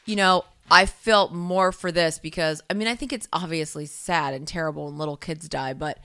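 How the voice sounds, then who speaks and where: A woman's voice: low-pitched, steady tone, normal speed, fairly bright tone, smooth. A woman in casual podcast chat, blunt and profane, often laughing.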